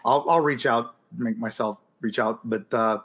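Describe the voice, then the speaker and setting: A man's voice: medium pitch, measured pace. Easygoing rambling man podcast host. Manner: relaxed, rambling, hesitant with ums. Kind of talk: casual chat answering listener questions.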